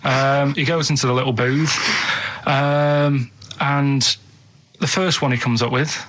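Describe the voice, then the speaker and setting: A man, a regular on a comic radio show, telling stories in a flat, plodding, literal-minded way. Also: mid-range voice, slow. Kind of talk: deadpan comic storytelling. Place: radio studio.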